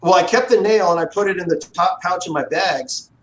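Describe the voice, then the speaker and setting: Man, livestream host, animated storyteller, swears a lot, slightly high voice, roomy echo. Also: brisk, background noise. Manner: animated, profane, acts out quotes. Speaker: livestream host, guitar builder. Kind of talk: casual storytelling chat.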